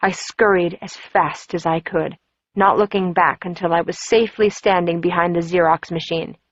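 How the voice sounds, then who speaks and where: A woman's voice: fairly low pitch, steady tone, normal speed, no room sound. A woman reading a first-person audiobook in a wry, conversational way. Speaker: audiobook narrator. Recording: dull, dry audio.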